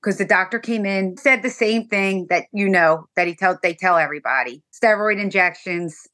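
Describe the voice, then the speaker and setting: This guest mother, middle-aged, has a mid-range voice at normal speed. She shares an emotional personal story, bringing it to life with animated storytelling and voiced-out dialogue.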